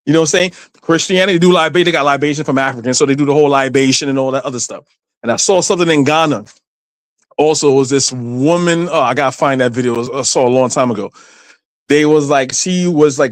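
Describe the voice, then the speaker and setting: A man speaking as a panelist in a loose discussion. His pitch sits a little high for a man, and he tells stories animatedly, restarting his sentences often. The sound is dry and close. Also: a little fast, no room sound. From Guyana. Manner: animated storytelling with many restarts.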